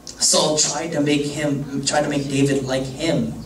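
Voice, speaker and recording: A man's voice: a little high, flat delivery, measured pace. A young man, a youth pastor, telling a story to a youth group in a casual, joking, rambling way. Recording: echoey room from far off, faint hum.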